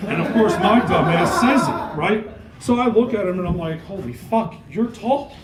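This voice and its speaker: A man's voice: sits high, normal speed, roomy sound, a little hiss or hum, rough recording. A middle-aged man from New York doing a stand-up comedy set, telling crude, rambling stories laced with swearing. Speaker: stand-up comic.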